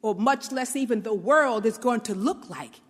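A woman's voice: fairly high pitch, animated, normal speed, breathy edge, long reverb tail. A woman from Brooklyn, giving an informal motivational talk and often checking in with "right?". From New York, Brooklyn. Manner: conversational, often asks "right?", acts out little quotes.

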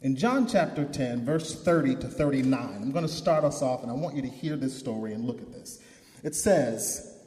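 A man's voice: medium pitch, expressive, normal speed, a little mellow. A male pastor preaching a sermon, leading the congregation in call-and-response with rising, emphatic declarations. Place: church sanctuary. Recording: echoey hall.

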